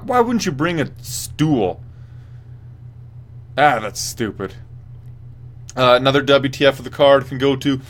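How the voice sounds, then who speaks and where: A man's voice: medium pitch, fairly bright tone. A young man hosting a casual mixed martial arts post-fight show, rambling, swearing freely and reacting to viewer chat. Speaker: host.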